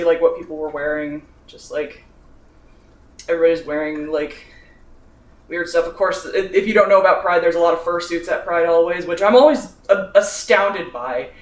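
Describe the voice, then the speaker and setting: A young man in his twenties rambles through a casual cooking vlog, worn out and sick from sunburn. He mocks himself, swears freely and keeps breaking into laughter. His voice comes from a distance in an echoey kitchen. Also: on the high side. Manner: rambling, self-mocking, swears often, laughs between phrases. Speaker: vlogger. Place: home kitchen while cooking.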